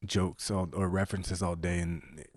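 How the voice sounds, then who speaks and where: A man co-hosting a casual podcast, talking in a relaxed way and swearing casually. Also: sits low, measured pace, no echo, studio quality. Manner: laid-back, swears casually. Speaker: podcast co-host.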